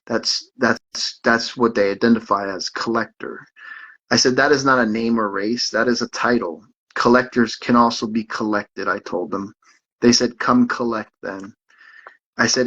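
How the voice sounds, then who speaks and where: Halting man on a dull lo-fi recording. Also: mid-range voice, a bit bright. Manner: halting, repeats words and restarts. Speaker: podcast host. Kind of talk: casual monologue, reading out messages. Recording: dull lo-fi sound.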